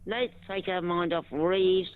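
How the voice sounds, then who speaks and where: A woman's voice: lowish voice, steady tone, slow pace, no room sound. A woman caller from England chatting in a rambling, self-interrupting way on a phone-in show. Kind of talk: casual phone-in chat. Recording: tinny phone line.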